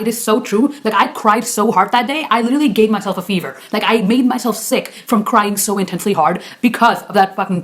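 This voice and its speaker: Rapid-fire chatty young woman. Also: mid-range voice, fairly bright tone. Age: young adult. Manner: rapid chatty storytelling full of fillers and swearing. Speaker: vlogger. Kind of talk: casual storytime vlog.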